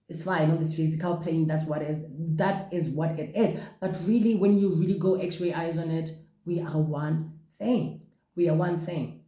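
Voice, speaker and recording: Animated man with a mellow voice. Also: fairly high pitch, echoey room. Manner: animated and expressive, exclaims often. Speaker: podcast host. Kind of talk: casual podcast monologue.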